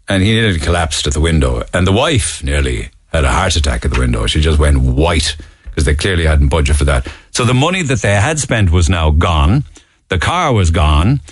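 A man with a Cork Irish accent talks on his radio show in a low, deep voice. He rambles through a story with many fillers and false starts, casual and conversational. The sound is dry and close to the microphone. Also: no echo. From Ireland. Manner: rambling, full of fillers and restarts. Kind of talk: casual radio talk, telling an anecdote. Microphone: studio microphone.

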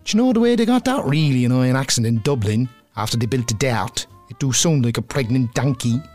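A man's voice: mid-range voice, animated, a little fast, darkish tone, faint music behind, close to an everyday voice. Brief: a man doing a cocky Cork City lad, slangy and mocking, with a mid-range voice. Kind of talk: comedy sketch acting.

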